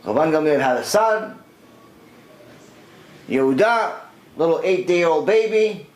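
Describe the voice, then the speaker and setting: Animated rabbi telling a story. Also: male voice, on the high side, slow. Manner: animated, conversational retelling with voiced quotes. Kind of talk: storytelling lesson. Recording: echoey room.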